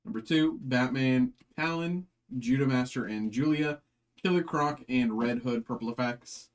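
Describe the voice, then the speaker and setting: A man's voice: mid-range voice, measured pace. Chatty man hosting a card break. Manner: chatty, rambling, lots of fillers. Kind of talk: live stream card break chat.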